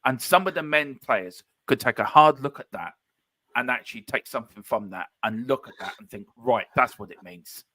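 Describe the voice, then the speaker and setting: This fan-channel guest talks briskly in a mid-range voice on a live football watchalong, recorded without echo. He is lively and joking with the host, often doing silly voices.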